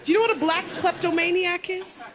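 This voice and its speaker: A woman's voice: extremely high pitch, a little fast, crowd noise. A woman doing a stand-up comedy set, bawdy and punchy, breaking into exaggerated impressions. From North America. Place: comedy stage before a live audience. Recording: loud studio audience laughter and noise.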